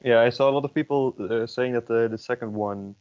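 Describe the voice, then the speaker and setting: A man's voice: medium pitch, fairly quick, darkish tone, clear, resonant tone. A man in an online language class, explaining a grammar rule and thinking aloud with many fillers. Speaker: student. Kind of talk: classroom question. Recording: dull lo-fi online call audio.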